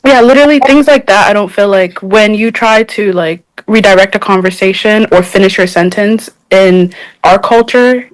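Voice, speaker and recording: A woman's voice: medium pitch, normal speed, low-quality recording. A young woman from Africa in a casual podcast discussion, chatty and laughing as she tells anecdotes. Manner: chatty, speeds up and laughs while telling anecdotes.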